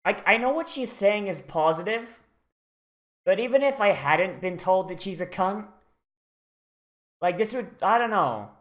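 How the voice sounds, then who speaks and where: A streamer rambles through a casual anime watch-along, full of fillers and swearing. The voice sits at a middling pitch and is excitable. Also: unhurried, pauses often.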